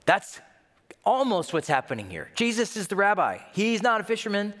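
A man preaching a sermon as pastor in a conversational, animated way, acting out scenes as he tells them. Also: high voice, a little fast, in a large hall.

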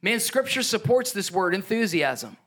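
A pastor delivering a sermon with emphatic, energetic preaching. His voice sits fairly high for a man, and he drops into playful asides with a chuckle. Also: normal speed.

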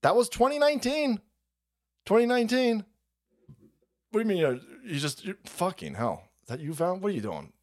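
A man's voice: high-pitched, sing-song, normal speed, long pauses. A man hosting a livestream, reacting to clips with crude, mocking commentary and frequent laughter. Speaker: streamer host.

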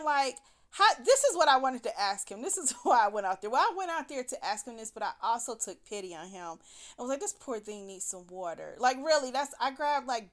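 Animated, exasperated woman telling a story. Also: a little high. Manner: profane, exasperated, animated retelling. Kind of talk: casual storytime vlog.

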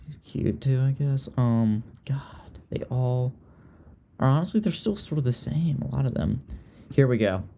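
Young guy from virginia gossiping on a podcast, dark mellow voice, keeps restarting his sentences. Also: medium pitch, lively intonation, brisk, gravelly, a little hiss or hum. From Richmond, Virginia. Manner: chatty and gossipy, trailing off and restarting. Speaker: podcast host. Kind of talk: casual chat.

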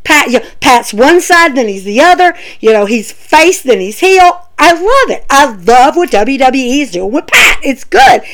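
Chatty woman doing a wrestling recap, high voice that swoops around a lot. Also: very animated, moderate pace, few pauses, fairly bright tone. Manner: chatty, emphatic, addresses viewers as guys. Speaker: wrestling show reviewer. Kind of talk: casual opinion vlog.

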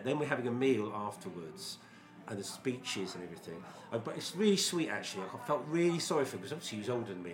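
A man in his fifties, co-hosting a podcast from a pub, telling casual anecdotes as a lively storyteller who swears freely. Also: lowish voice. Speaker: podcast co-host.

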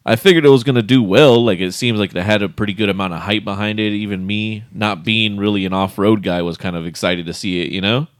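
A man co-hosting a podcast in casual chat, relaxed, laughing often and restarting his sentences. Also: lowish voice, fast, few pauses, no room sound. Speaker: podcast co-host.

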